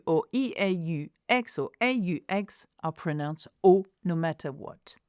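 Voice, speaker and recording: A woman teaching pronunciation, modelling words slowly and explaining them in English. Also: medium pitch, dry recording, clean studio sound. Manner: slow, clear modelling of French words, then explaining in English. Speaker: French teacher. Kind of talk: pronunciation lesson.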